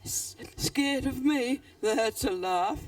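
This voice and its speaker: A woman's voice: fairly high pitch, big pitch swings, takes it slowly, vocal fry, a little mellow, no room sound, far from the mic, heavily acted. A woman voicing a nervous, grumpy female snake in a children's story, drawn out and stammering. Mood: grumbling.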